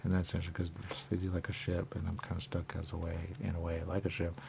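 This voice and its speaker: Over a faint hiss or hum, a man speaks fast and monotone in a low, creaky, somewhat mellow voice. He's a radio talk host delivering a rambling stream-of-consciousness monologue, repetitive and forever saying "there you go", with moments where he drops to a whisper.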